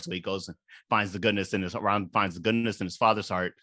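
A man with a bright, clear voice co-hosts a loose film-review chat. He retells scenes animatedly and drops in quick mock quotes. The sound is close and dry. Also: fairly low pitch, steady tone, no echo. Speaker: podcast co-host.

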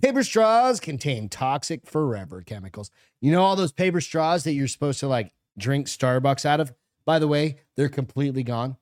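A man's voice: mid-range voice, expressive, normal speed, hardly any pauses, a little mellow, no echo. A middle-aged man co-hosting a casual podcast, crude and joking, reading news stories aloud, close on the mic. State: hiccups. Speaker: podcast co-host.

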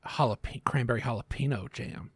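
A man's voice: mid-range voice, moderate pace, slightly rough, no echo, clean studio sound. A man co-hosting a podcast, telling stories in casual chat and swearing freely. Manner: swears freely, animated storytelling. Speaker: podcast co-host.

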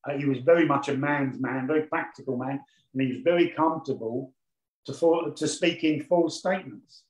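A man's voice: medium pitch, moderate pace, echoey room, poor audio. A man teaching a class on mediumship, explaining his points patiently and repeating key phrases for emphasis. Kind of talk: lecture on mediumship.

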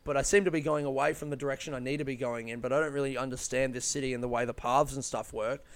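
A man's voice: medium pitch, fairly even intonation, quick pace, smooth, dry recording. Sweary man rambling through a travel story. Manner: loose, sweary, rambling with many fillers and self-corrections. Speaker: comedian telling a travel story. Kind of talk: casual storytelling monologue.

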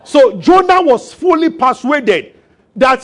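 A man preaching a sermon as pastor, animated and acting out voices. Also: extremely high pitch, normal speed. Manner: animated, acts out voices and laughs with the congregation.

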